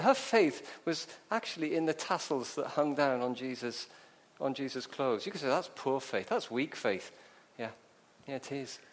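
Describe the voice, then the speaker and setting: A man preaching a sermon, telling the story vividly and asking rhetorical questions. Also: a little high.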